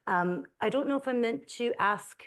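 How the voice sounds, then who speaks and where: A woman moderating a book talk as an associate professor, gentle and reflective, a little unsure of the format. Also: on the high side, normal speed.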